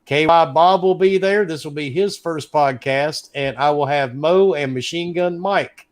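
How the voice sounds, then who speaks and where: A man hosting a casual gaming podcast, passing the mic to guests and plugging his upcoming shows in a breezy way. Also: a little high. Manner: quick, breezy handoffs to guests. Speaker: podcast host.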